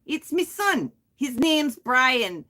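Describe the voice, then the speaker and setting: A screechy, scolding Cockney mother as a woman puts her on, pitched far above the woman's normal voice. She barks her lines in a high, comic squawk with a broad London Cockney accent. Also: big pitch swings, takes it slowly, pushed and bright, heavily acted. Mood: matter-of-fact. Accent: put-on London Cockney.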